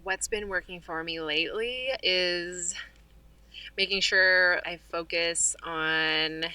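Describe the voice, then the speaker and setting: A woman voice actor talks as a podcast guest, bubbly and animated, with plenty of fillers. Her voice is very bright and forceful but sits fairly low. The recording is dry and close. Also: takes it slowly, smooth, no room sound. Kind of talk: casual podcast chat.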